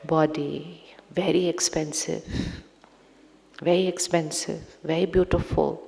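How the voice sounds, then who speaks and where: A woman giving a spiritual talk to an audience, speaking slowly, repeating phrases and asking listeners questions. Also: sits low, fairly even intonation, creaky, darkish tone. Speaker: spiritual teacher. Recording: long hall reverb.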